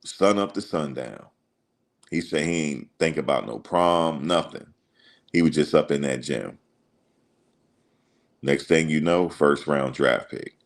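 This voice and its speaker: Man hosting a sports stream, extremely deep voice, rambling storyteller. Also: unhurried, creaky, long pauses. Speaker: host. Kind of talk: casual livestream commentary.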